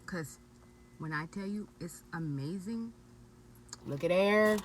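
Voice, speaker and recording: Excited woman reviewing food in her car. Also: lowish voice, slow, long pauses, distant mic, poor audio. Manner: excited, chatty, expressive. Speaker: vlogger. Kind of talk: casual food review vlog. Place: parked car.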